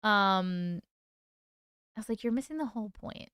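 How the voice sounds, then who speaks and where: A woman's voice: medium pitch, expressive, a little slow, a bit bright, clear, resonant tone, dry recording, studio quality. A woman hosting a casual livestream, chatting with viewers, reading their comments aloud and laughing often. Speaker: livestream host and author.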